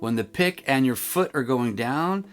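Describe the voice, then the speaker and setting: A man giving a casual guitar lesson on video, explaining in a relaxed, rambling way and counting the picking aloud. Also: mid-range voice, measured pace. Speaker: guitar teacher. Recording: loud guitar playing behind.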